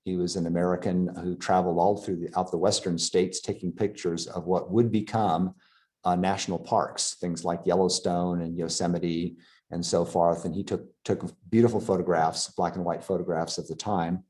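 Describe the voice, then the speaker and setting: A man giving a local history lecture over slides, pausing often with fillers and restarting his sentences. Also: low voice, steady tone, dark tone. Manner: halting, many fillers and restarts.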